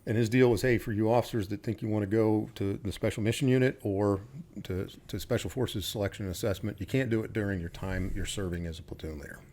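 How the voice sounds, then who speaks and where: Low-voiced man telling blunt stories. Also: fairly even intonation, fast, a little mellow. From United States. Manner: blunt, profane storytelling with quoted dialogue. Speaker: podcast guest, retired Army officer. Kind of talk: casual interview storytelling.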